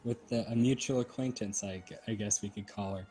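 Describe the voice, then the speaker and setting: A playful man playing his character in a tabletop game, halting and filling his speech with ums. Faint music plays behind him. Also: on the low side, fairly even intonation, mellow, husky. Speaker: player.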